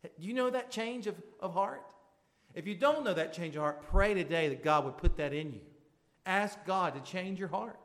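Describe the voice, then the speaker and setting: A man's voice: lively intonation, moderate pace, fairly bright tone. Fervent male preacher in a reverberant hall. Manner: pleading, rising to fervent high-pitched appeals. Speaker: pastor. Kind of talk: sermon. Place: church sanctuary.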